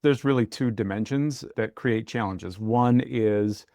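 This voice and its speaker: A man with a fairly low voice explaining technical ideas step by step as an interview guest. He speaks in a measured, orderly way, and the recording is dry and close. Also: mellow, no room sound. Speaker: guest, software architect. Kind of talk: interview answers.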